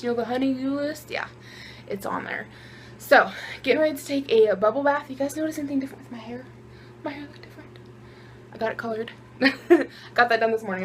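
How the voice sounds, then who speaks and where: A woman in her twenties chatting casually to her phone camera in a vlog, excitable and quick to laugh. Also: a little high, slight background noise. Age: 20s. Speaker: vlogger.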